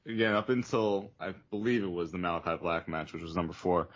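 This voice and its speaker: A man co-hosting a wrestling podcast, easygoing and measured. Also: sits low, dull audio, crowd noise. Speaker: podcast co-host. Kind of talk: casual wrestling review chat.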